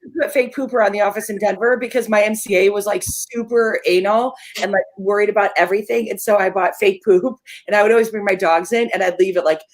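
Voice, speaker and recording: A woman's voice: mid-range voice, steady tone, fast talker, few pauses. A woman co-hosting a live morning show, telling playful stories in casual banter. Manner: playful, giggly storyteller.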